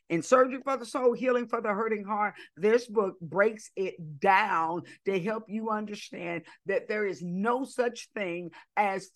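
A woman preaching an impassioned sermon, swinging between shouting and hushed asides. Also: fairly high pitch.

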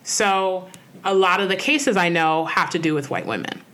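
A woman's voice: fairly low pitch, moderate pace, fairly bright tone. A woman co-hosting a podcast in casual conversational chat, earnest and reflective, with frequent "like" and "you know" fillers. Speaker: podcast co-host.

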